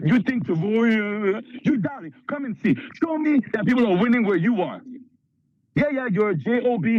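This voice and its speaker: Man, from Canada, high voice, animated motivational speaker, muffled dry sound. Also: dry recording. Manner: animated, acts out skits in put-on voices. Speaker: motivational speaker at a sales training. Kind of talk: energetic motivational talk.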